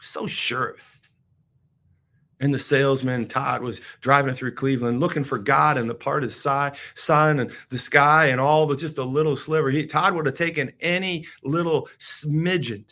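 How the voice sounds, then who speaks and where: A man hosting a devotional podcast, telling a story dramatically and swinging from hushed whispers to loud pleading. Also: mid-range voice, fairly even intonation, normal speed. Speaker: podcast host.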